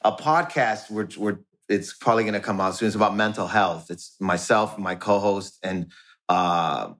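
Man, lowish voice, casual podcast chat, rambling, halting. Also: fairly bright tone. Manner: rambling, halting storyteller with many restarts. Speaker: podcast guest, comedian.

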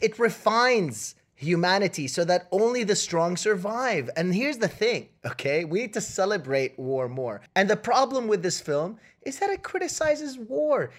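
A man co-hosting a comedy podcast where he argues movies with mock outrage. His pitch swings widely as he rants, and he keeps jabbing at the listener with "okay?" and "all right?". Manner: loud, mock-indignant, keeps tagging lines with "okay?". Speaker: podcast co-host.

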